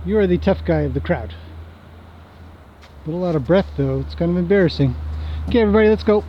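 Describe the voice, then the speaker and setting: A man's voice: sits high, expressive, fast, long pauses, highs cut off, slight background noise. Chatty man talking to his horses. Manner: chatty, talks fondly to the horses. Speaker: horse trainer. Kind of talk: casual commentary while working horses. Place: outdoors in a horse pen.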